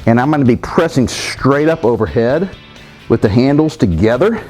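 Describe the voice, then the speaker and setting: A man's voice: mid-range voice, lively intonation, normal speed, darkish tone, soft background music. A man giving workout instructions, talking straight to viewers and counting reps aloud, winded between sets. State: winded while exercising. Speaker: fitness trainer.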